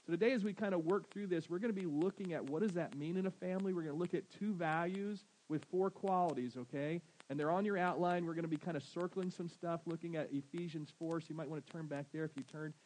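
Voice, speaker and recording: Southern pastor, male, slightly high voice, chatty sermon delivery that quizzes the room. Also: fast talker, hardly any pauses, a little mellow, low-quality recording. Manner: conversational preaching, asks the congregation questions.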